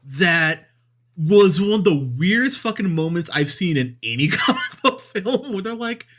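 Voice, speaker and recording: A man's voice: on the high side, expressive, moderate pace, fairly bright tone. A man co-hosting a movie review podcast, talking casually and profanely, often laughing mid-sentence. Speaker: podcast host.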